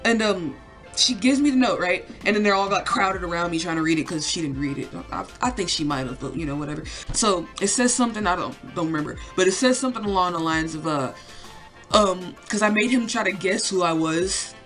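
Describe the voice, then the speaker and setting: A woman's voice: fairly low pitch, fairly quick, a bit bright. Young woman, casual storytime vlog, rambling, lots of swearing and fillers, faint music underneath. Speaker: vlogger.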